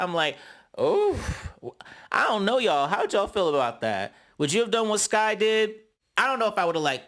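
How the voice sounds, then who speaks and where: Young man, sassy, dramatic, reality show recap, slightly high voice. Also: fairly bright tone. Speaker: YouTube reality TV reviewer. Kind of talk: casual commentary recap.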